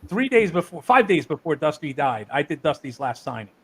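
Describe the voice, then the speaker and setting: A man who runs wrestling shows, from New Jersey, telling animated, profane stories in a casual interview. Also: on the high side, brisk, slight background noise, rough recording. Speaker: wrestling promoter.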